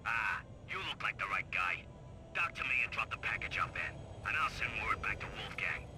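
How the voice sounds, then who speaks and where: A man's voice: lowish voice, animated, normal speed, pushed and bright, slight background noise. A man voicing a brusque male junkyard trader in a video game, with a hammy put-on accent. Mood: curt.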